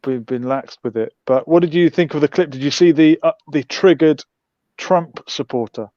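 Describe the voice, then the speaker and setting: A man's voice: fairly high pitch, normal speed, mellow, dry recording, lo-fi sound. A man hosting a livestream, musing with wry, sarcastic commentary. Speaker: host.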